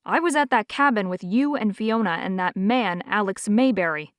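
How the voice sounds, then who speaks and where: A woman's voice: medium pitch, moderate pace, dry recording, natural voice. A woman voicing a shaken, confused young man. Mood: insistent. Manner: bewildered, accusing.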